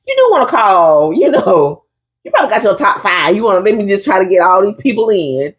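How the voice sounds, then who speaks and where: Animated husky woman chatting. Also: mid-range voice, fairly quick. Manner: animated storyteller, acts out crowd voices, says "honey". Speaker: podcast co-host. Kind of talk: casual chat.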